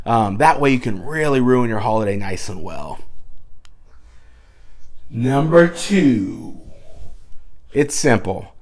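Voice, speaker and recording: A dad vlogger offers mock-serious, sarcastic advice, swinging between hushed asides and loud bursts. His mid-range voice is animated, and he speaks slowly with frequent pauses.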